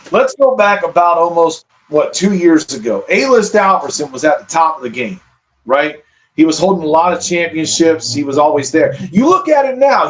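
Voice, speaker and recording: A man's voice: fairly high pitch, poor audio. A man, a guest analyst on a casual podcast, who explains at length and keeps checking in with "right?".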